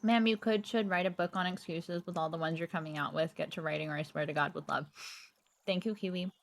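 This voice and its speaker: A woman's voice: on the low side, steady tone, a little fast, gravelly. A woman streamer chatting casually and playfully with her live audience. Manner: playful, talks to chat while eating.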